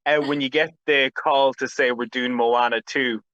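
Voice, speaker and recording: A man conducts a press interview in a chatty, effusive way, full of exclamations. His pitch is middling. The recording is dull and muffled, with a dry, close sound. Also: fairly even intonation, normal speed, fairly bright tone, dry recording. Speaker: entertainment interviewer.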